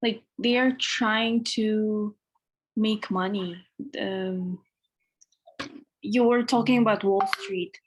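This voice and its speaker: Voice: medium pitch, fairly even intonation, slow, background noise. A student answering a teacher's question hesitantly, with many fillers.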